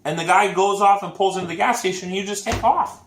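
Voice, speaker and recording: A man co-hosting a casual chat show, telling a story with lively acted-out quotes. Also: high-pitched, quick pace. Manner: animated storytelling, acts out quotes. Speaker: podcast co-host. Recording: echoey room.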